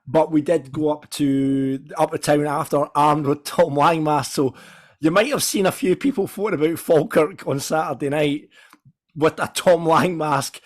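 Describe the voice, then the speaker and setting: Hoarse Scottish man hosting a podcast. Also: a little high. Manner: chatty, jokey, rambling. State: hoarse, voice nearly gone. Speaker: podcast host. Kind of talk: casual podcast chat.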